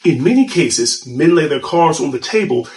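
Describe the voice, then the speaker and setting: A man's voice: a little high, animated, normal speed, darkish tone, low-quality recording. A man giving an earnest, warning advice monologue.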